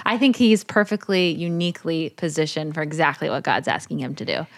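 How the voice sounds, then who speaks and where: A woman co-hosting a casual Bible discussion podcast, backing her partner with quick agreement and giving her own view. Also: deep voice. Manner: warm affirming listener, quick agreeing interjections. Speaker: podcast co-host.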